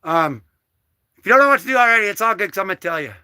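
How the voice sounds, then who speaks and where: An excitable man hosting a casual comic book vlog, joking and slangy as he talks through his comics. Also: high voice, very fast, clean tone, no room sound, studio quality. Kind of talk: casual livestream commentary.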